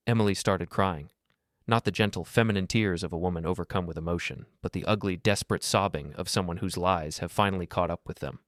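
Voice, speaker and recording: A man with a low-pitched voice narrates a dramatic first-person story in a steady, dry storytelling manner. The recording is close and dead, with no room sound at all. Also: brisk, no echo.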